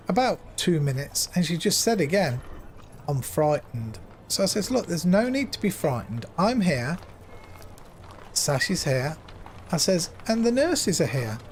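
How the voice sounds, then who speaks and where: A man's voice: sits high, a little hiss or hum. A man in his fifties chatting casually to his stream viewers from home, rambling and retelling conversations with lots of repeats. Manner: rambling, repeats himself, retells dialogue with "I says". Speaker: live streamer.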